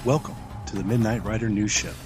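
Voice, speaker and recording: A man's voice: on the low side, fairly even intonation, fast talker, darkish tone, soft background music. A man hosting a podcast in a casual monologue, wordy and grandiose, often repeating himself. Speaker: podcast host.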